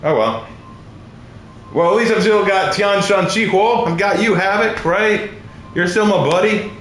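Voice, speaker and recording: A man's voice: sits high, a little slow, fairly bright tone. A man streaming a game, bantering and teasing in a casual joking way, cursing freely. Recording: echoey room, faint noise.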